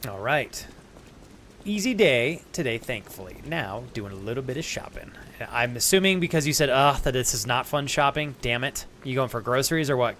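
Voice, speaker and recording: A man's voice: mid-range voice, fairly bright tone, a little hiss or hum. A man streaming a video game, chatting casually with viewers, calling them by name and swearing now and then. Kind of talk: casual live-stream chat.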